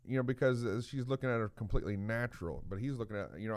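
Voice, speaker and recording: A man's voice: mid-range voice, quick pace. A man giving an informal, earnest sermon, retelling stories with frequent restarts and "you know" fillers. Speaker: preacher.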